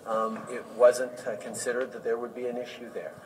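A man answering press questions haltingly, stumbling through restarts and fillers. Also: medium pitch, monotone, a loud crowd. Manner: halting, full of ums and restarts. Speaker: politician. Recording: distant clip with loud background noise.

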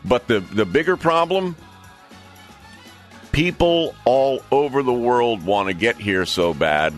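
A man's voice: medium pitch, animated, slow pace, faint music behind. A man co-hosting a talk radio show, speaking bluntly and opinionatedly in a rambling way with many fillers. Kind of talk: casual talk radio chat.

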